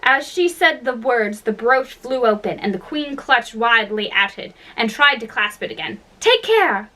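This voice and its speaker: A woman reading a classic children's story aloud, unhurried, with small slips and restarts. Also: fairly high pitch, pushed and bright, low-quality recording. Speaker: narrator.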